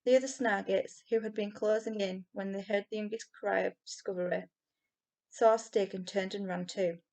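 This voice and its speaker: A woman's voice: medium pitch, moderate pace. Woman reading a children's story aloud. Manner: expressive storytelling. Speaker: reader.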